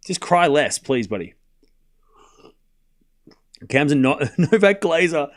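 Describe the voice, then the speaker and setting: A man streaming a tennis watchalong, calling every shot in rapid play-by-play and bantering teasingly with his chat. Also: fairly high pitch. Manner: rapid rally calling, bursts into excited shouting on big points. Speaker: live tennis watchalong commentator. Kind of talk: live stream play-by-play commentary.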